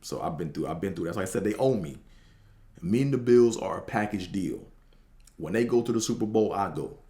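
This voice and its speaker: Deep-voiced man telling a rambling story. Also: expressive, fairly quick, dark tone, reverberant. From Washington DC area. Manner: rambling, profane, with many fillers and restarts. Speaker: podcast host. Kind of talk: casual storytelling monologue.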